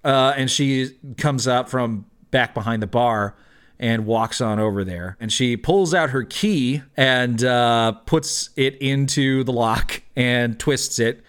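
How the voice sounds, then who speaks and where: A man's voice: medium pitch, takes it slowly, a bit bright, clear, resonant tone. A man narrating as dungeon master, full of fillers and laughter. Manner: laughing often, many fillers. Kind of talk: narrating a tabletop game.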